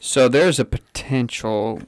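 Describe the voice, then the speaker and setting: A young man hosting a casual sports podcast, joking, excitable and swearing freely. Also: mid-range voice, slow pace. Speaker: podcast host.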